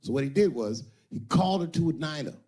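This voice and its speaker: A man doing stand-up comedy on stage, telling a story and jumping between character voices. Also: quick pace. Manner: animated, acts out characters with big pitch swings. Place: comedy stage before a live audience.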